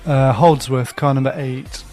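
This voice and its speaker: A man co-hosting a live race stream, dry and relaxed, passing on viewer requests. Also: medium pitch, a little slow, faint music behind. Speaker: co-commentator. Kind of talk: live sports commentary banter.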